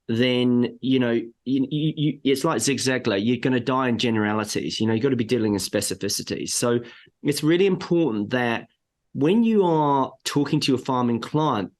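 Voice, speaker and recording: A man who is a sales trainer, a guest on an interview podcast, talking in an emphatic, coaching way and firing off rhetorical questions over a remote call. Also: medium pitch. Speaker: sales and marketing trainer for agriculture.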